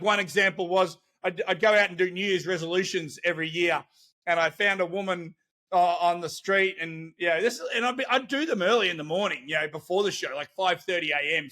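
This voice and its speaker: An Australian man tells stories with lots of energy and frequent laughs in a relaxed podcast conversation. His voice sits high and sounds bright. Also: a little fast. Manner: animated storytelling, laughs often. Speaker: guest, celebrity interviewer. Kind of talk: casual podcast chat.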